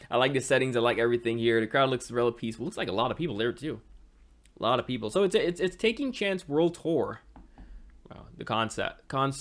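A man from the Caribbean hosting a reaction channel, talking in a casual, excitable and apologetic way, often stammering and repeating himself. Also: mid-range voice. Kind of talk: casual music reaction commentary.

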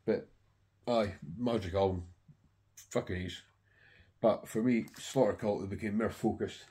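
A man's voice: fairly low pitch, steady tone, unhurried, mellow, slightly rough. A middle-aged man and record collector chatting casually to camera, rambling and swearing heavily with enthusiasm.

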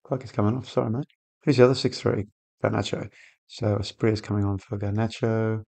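A man's voice: fairly low pitch, a little fast, gravelly. A man hosting a football management game video, chatting casually and getting worked up at the match on screen. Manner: excitable, shouts at players on screen. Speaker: gaming channel host. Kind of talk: casual gameplay commentary.

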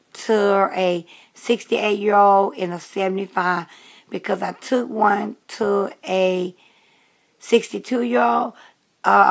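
A woman's voice: mid-range voice, vocal fry, fairly bright tone. A woman in her late fifties chatting casually to camera in a rambling way, with many fillers and restarts. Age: 50s. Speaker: vlogger.

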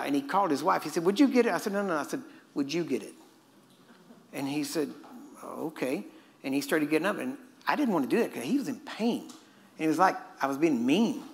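A man's voice: a little high, vocal fry, a bit bright. A man preaching a sermon as a casual story, now and then laughing at his own asides. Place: church hall. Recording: echoey hall with faint ambience.

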